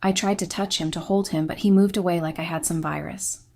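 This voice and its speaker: A woman's voice: lowish voice, fairly even intonation, a little fast, creaky, darkish tone. Woman narrating a confession in a subdued voice. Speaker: story narrator. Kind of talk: scripted first-person confessional narration.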